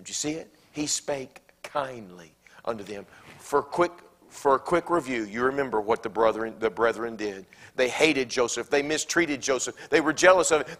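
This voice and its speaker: A Southern American pastor preaching a sermon in a church, swinging from loud, emphatic lines to hushed, near-whispered quotes. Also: male voice, medium pitch, lively intonation, normal speed. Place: church sanctuary.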